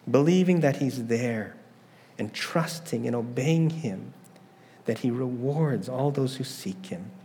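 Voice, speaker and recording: A man's voice: medium pitch, darkish tone, long reverb tail. A middle-aged man preaching a sermon, telling a family story with rhetorical questions. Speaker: pastor.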